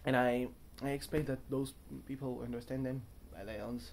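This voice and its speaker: Medium in pitch with a darkish tone and fairly even intonation, this young adult vlogger speaks at a moderate pace over slight background noise. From a hotel room he chats to camera in a casual, rambling way, self-mocking and tangent-prone.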